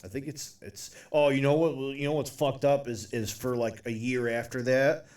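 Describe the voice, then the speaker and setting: A man's voice: medium pitch, flat delivery, normal speed, a little mellow, far from the mic. A young man co-hosting a podcast, telling a long story in a rambling, profane way and laughing as he goes. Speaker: podcast co-host. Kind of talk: casual storytelling chat.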